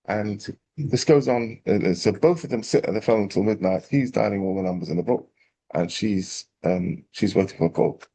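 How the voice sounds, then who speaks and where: Male rabbi, low gravelly voice, animated storyteller. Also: normal speed. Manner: animated storyteller, acting out quotes. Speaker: rabbi teaching a class. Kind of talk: storytelling Torah class.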